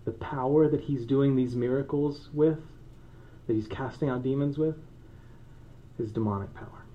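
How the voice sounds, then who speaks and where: A man preaching from the pulpit at a middling pitch, casual and playful, with frequent laughs and asides. The recording is a bit muffled and dull. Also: normal speed, a little hiss or hum. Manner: conversational, joking asides, laughs often. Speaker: pastor. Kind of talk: sermon. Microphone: microphone.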